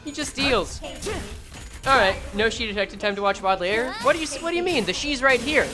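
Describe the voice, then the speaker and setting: A woman's voice: a little high, lively intonation, brisk, music in the background. A woman streaming a game, reading skill text aloud and joking sarcastically with her chat.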